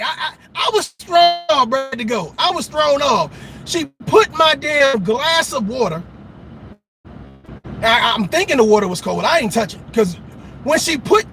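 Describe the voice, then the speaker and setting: A man's voice: very high-pitched, sharp tone, slight background noise, poor audio. A man giving dating advice in a casual, profane storytelling monologue, laughing at his own stories.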